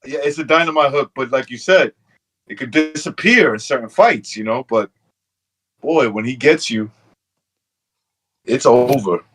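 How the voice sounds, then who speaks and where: A man co-hosting a casual podcast who chimes in with relaxed, agreeable remarks in loose phrasing. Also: mid-range voice, a little slow, pauses often, faint music behind. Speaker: podcast co-host.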